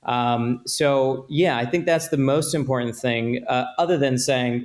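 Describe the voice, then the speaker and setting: A man, an attorney guest on a podcast, explaining contracts and liability with measured, example-driven talk. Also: medium pitch. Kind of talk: podcast interview.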